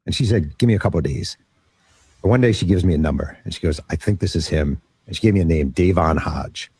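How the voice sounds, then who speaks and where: A man's voice: low-pitched, fast talker, darkish tone, husky, no echo. A man, an author, telling a story from his book in an interview, acting out the quotes with animation.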